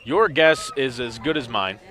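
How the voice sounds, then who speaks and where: A man with a medium-pitched, animated, pushed and bright voice calls a semi-pro football game play by play at an unhurried pace, with slight background noise. His sports commentary includes dry, wry asides about confused officiating.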